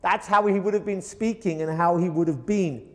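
A man with a high voice preaches a sermon earnestly. He acts out quoted pleas with a rising voice. Long reverb hangs behind him. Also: normal speed. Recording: hall reverb.

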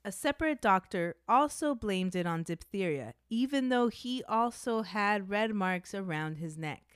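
A woman's voice: medium pitch, animated, measured pace, clean tone, no echo, clean studio sound. A woman co-hosting a podcast, narrating a true-crime case in a blunt, matter-of-fact way between casual chat.

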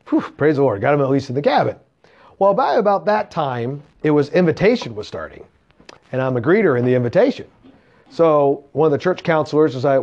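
Male camp preacher, lively storyteller, slightly high, dull recording. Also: brisk. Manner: animated, acts out voices in anecdotes. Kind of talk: storytelling sermon. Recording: dull lo-fi sound.

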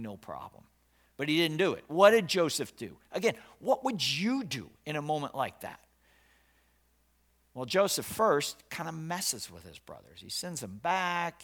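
A man's voice: a little high, a bit bright. A male pastor preaching a sermon, telling a story dramatically and emphatically, with frequent restarts and repetition.

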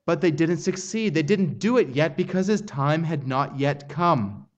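A man's voice: a little high, lively intonation, a little slow, muffled recording. A man preaching an expository sermon, earnest and building intensity on quoted passages. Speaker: pastor.

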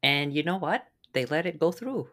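Casual co-host, mid-pitched, sarcastic and teasing, blunt delivery. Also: animated, moderate pace, a bit bright, slight background noise. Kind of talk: casual chat.

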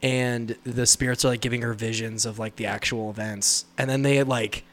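A man talking loosely about films in a relaxed chat, full of "like" and restarts. He laughs easily and keeps the story rolling at an average pitch. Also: normal speed. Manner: rambling, laughing, mimics voices in quotes. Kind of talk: casual chat about movies.

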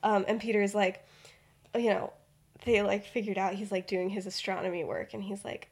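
A woman's voice: medium pitch, little pitch movement, moderate pace, slightly rough. A young woman hosting a podcast, retelling a story in a rambling, casual way full of fillers. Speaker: podcast host.

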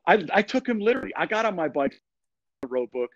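Lively, slightly higher man, energetic slangy storyteller, dull and dry recording. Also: fast, dry recording. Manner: energetic, laid-back slang, frequent restarts. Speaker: podcast guest. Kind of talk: animated storytelling.

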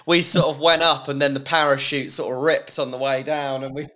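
Male interview host, middle pitch, measured and probing. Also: flat delivery, bright, forceful tone. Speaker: podcast host. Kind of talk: interview podcast.

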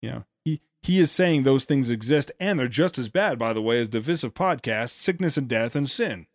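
A man hosting a podcast, giving sarcastic commentary on a played speech with quick asides and restarts. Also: mid-range voice, lively intonation, dry recording, studio quality. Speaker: podcast host.

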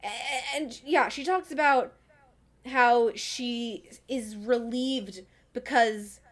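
A woman's voice: on the high side, steady tone, drawn-out words. A young woman co-hosting a casual book chat, laughing often and swearing freely. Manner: giggly, swears freely, acts out quotes. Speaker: podcast co-host.

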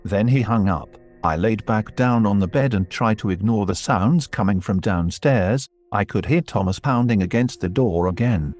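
A man's voice: lowish voice, normal speed, hardly any pauses, a little mellow. A man narrating a first-person horror story and voicing its dialogue. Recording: faint music underneath.

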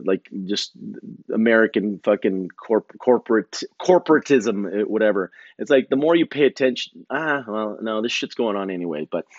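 A forties-aged podcast host speaks in a medium-pitched voice, captured on a dry recording with dull sound. His talk is a loose, profane, self-mocking monologue that wanders as it goes.

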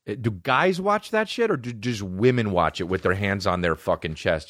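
A male podcast host with a low voice that swings widely up and down as he riffs. He rambles through a profane, comedic rant and keeps breaking into invented back-and-forth dialogue. The sound is dry and close, with no room around it. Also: animated, normal speed, few pauses, fairly bright tone, no room sound.

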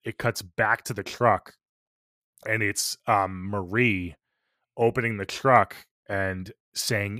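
A man's voice: fairly low pitch, fairly even intonation, takes it slowly, bright, forceful tone, no room sound, studio quality. A man co-hosting a podcast, chatting casually and enthusiastically about a film, swearing freely and using many fillers. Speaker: podcast co-host. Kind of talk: casual film review chat.

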